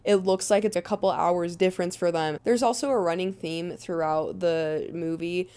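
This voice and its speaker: A woman's voice: lowish voice, fairly even intonation, normal speed, dark tone, clear, resonant tone. Young woman, sarcastic movie recap, chatty asides.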